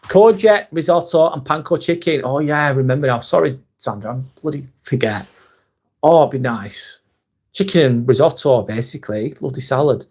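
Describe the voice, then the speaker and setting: This is a live streamer, a man with a husky, darkish mid-range voice talking at a normal speed. He reads viewer comments out loud and fires back bluntly and casually, cursing a lot.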